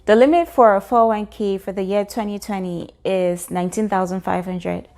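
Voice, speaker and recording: A woman's voice: mid-range voice, fairly even intonation, normal speed, darkish tone. A woman, vlogging about personal finance in an earnest, encouraging way, explaining step by step with occasional fillers. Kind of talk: explanatory talk to camera.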